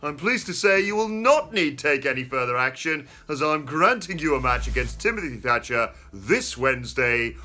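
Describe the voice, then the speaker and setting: A mock-stately, formal older British gentleman, put on by a man with a bright, forceful ring and a proper British accent. He talks in a measured, pompous way. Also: medium pitch. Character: posh British older male wrestling authority figure.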